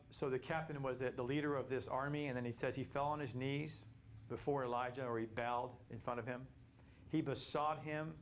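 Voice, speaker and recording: A man teaching a Bible study class, animated and repetitive, building to emphatic peaks. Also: mid-range voice, slight background noise.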